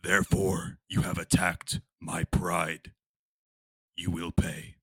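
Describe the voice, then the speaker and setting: A man voicing his proud, vengeful whiskered adventurer, speaking slowly and gravely. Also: deep voice, flat delivery, fairly bright tone, no room sound, voice pushed down, exaggerated voice. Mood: grave menace. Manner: slow, grave, menacing speech.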